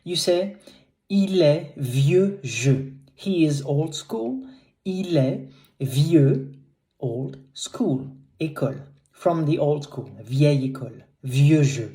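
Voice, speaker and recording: Slow, low-voiced woman teaching French. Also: animated, warm tone. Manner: slow, careful, repeating each word. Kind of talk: French vocabulary lesson.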